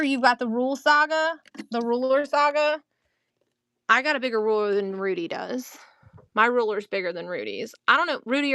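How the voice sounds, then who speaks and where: A chatty, giggly woman runs a casual live sale, talking to her viewers as she handles each item. Her voice is high, and the sound is dry and close. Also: fairly bright tone, no echo. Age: adult, mother of a teen. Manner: giggly, chatty, laughs often. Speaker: live-stream seller. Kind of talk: casual live-selling chat.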